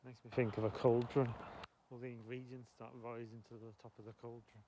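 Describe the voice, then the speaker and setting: A man's voice: medium pitch, flat delivery, brisk, a crowd in the background. A man walking his dog, chatting into a handheld phone in a rambling, self-deprecating vlog. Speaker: vlogger. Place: outdoors on a walk. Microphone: phone held in hand.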